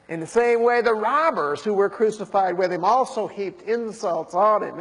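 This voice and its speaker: A man preaching a sermon, who breaks into high, jeering voices when acting out mockers. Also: moderate pace, creaky, hardly any pauses, slightly rough, big-room sound.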